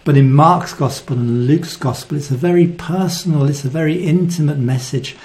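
A man preaching a sermon, earnest and reflective, often dropping to a soft voice. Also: fairly high pitch, normal speed.

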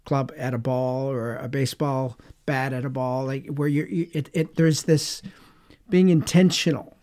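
A man's voice: medium pitch, fairly even intonation, normal speed, a little mellow. A man co-hosting a faith webcast, talking reflectively and circling his thoughts with many fillers. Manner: meandering, many "you know" fillers. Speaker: webcast co-host.

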